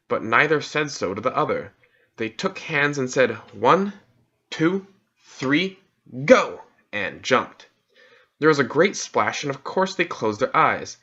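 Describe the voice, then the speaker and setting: A man reading a children's novel aloud as an audiobook narrator, calm and soft-spoken. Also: medium pitch. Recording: dull lo-fi recording.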